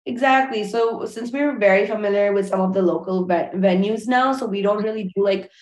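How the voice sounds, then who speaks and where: A woman's voice: medium pitch, a little fast. Woman wedding planner in an echoey room. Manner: relaxed, frequent fillers and restarts. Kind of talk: casual interview chat.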